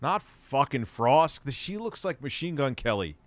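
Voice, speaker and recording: A man's voice: medium pitch, sing-song, moderate pace, dry recording. A man in his forties hosting, talking in rambling, crude jokes with stammering restarts. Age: 40s. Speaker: show host. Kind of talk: casual chat.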